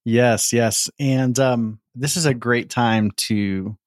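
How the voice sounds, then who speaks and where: A man's voice: medium pitch, fairly even intonation, slow pace, no echo, studio quality. A man co-hosting a podcast in casual chat, earnest and tripping over his words. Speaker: podcast co-host.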